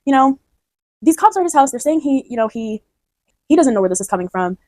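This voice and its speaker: A woman's voice: sits high, very animated, fast talker, darkish tone, dry recording, low-quality recording. A woman explaining her own poem in a chatty way, often restarting and checking that the listener follows. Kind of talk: casual spoken explanation.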